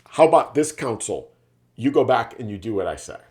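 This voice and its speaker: A man voicing a proud, stubborn medieval warrior leader who shouts defiantly. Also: mid-range voice, big pitch swings, a little fast, close to an everyday voice.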